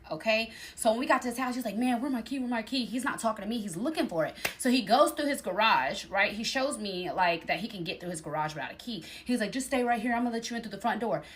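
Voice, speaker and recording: A young woman telling a dating story in a casual storytime, animated and acting out the other people's voices. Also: medium pitch. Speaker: storyteller in a clip.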